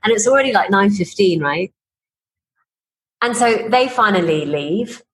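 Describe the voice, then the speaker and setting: A woman's voice: mid-range voice, animated, measured pace, rough recording. A woman business coach, a podcast guest, telling personal stories in casual conversation and acting out the dialogue she quotes. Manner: chatty, acts out quoted dialogue, laughs while telling stories.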